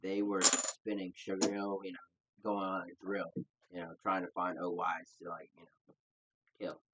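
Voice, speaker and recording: A man with a very deep voice, relaxed and dry in his humor while chatting with friends late at night. A faint hiss sits under the recording. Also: normal speed. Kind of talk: casual chat among friends.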